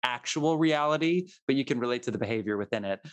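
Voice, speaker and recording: A man's voice: medium pitch, animated, quick pace. A man hosting a casual podcast chat, rambling and restarting his sentences with laughing asides. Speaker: podcast host.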